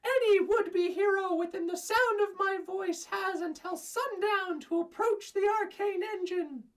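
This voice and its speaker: A man voicing an elderly king making a loud proclamation to a crowd. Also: extremely high pitch, measured pace, distant mic, voice pushed up. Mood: proclaiming.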